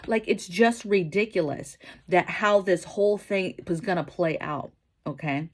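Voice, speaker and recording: A woman's voice: medium pitch, animated, moderate pace, darkish tone. A woman vlogging about home preparedness, talking casually and emphatically, often tagging her points with "right?". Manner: emphatic, keeps asking "right?". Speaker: prepping vlogger. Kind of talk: casual opinion vlog.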